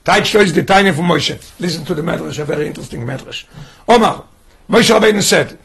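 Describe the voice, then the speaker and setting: A man's voice: on the high side, fast, gravelly, a bit bright, husky. A man teaching a Torah lesson as a rabbi, asking one rhetorical question after another. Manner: poses rhetorical questions, mixes in Yiddish and Hebrew terms.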